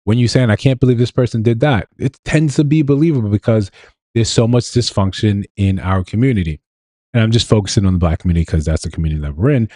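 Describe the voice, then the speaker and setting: A man's voice: fairly low pitch, quick pace, mellow, dry recording, clean studio sound. A man hosting a live show, talking casually and reacting to clips with laughs and rhetorical questions. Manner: laid-back, chuckling, rhetorical questions. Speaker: host. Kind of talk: live commentary on viral clips.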